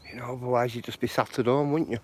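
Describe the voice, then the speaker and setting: A man's voice: medium pitch, fairly even intonation, fast, a little mellow, slight background noise. A man chatting outdoors on a live walk, rambling and encouraging, with lots of "you know". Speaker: walking vlogger. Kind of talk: live walking chat. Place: outdoors on footpaths.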